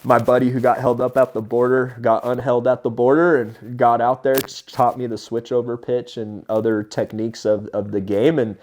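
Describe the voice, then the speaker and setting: Man, 30s, podcast guest, casual storytelling, animated, laughs often, mid-pitched voice. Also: moderate pace, hardly any pauses, slight background noise. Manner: animated, laughs often while telling stories.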